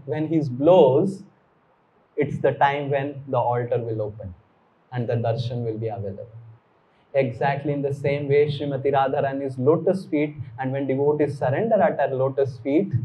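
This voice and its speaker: Slow deliberate male preacher. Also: mid-range voice, lo-fi sound. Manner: slow, deliberate, mixing Sanskrit terms. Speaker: spiritual teacher. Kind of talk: devotional sermon.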